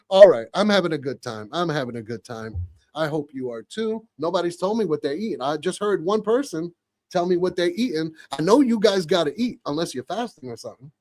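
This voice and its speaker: A man's voice: fairly high pitch, lively intonation, brisk, darkish tone. A man with a New York accent hosting a live podcast, chatty and effusive, greeting viewers and his guest from a studio. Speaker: podcast host.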